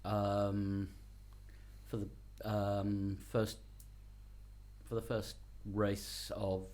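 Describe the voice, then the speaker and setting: A man's voice: lowish voice, monotone, very slow, darkish tone. A man co-hosting a casual podcast and reading out listener emails, hesitant with many ums and self-deprecating. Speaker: podcast co-host, reads the mailbag.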